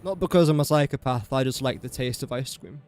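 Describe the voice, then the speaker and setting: A man's voice: mid-range voice, a little fast, darkish tone, faint music behind. A young man from England chatting casually on a gaming livestream, rambling and self-mocking as he builds. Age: young adult. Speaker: streamer.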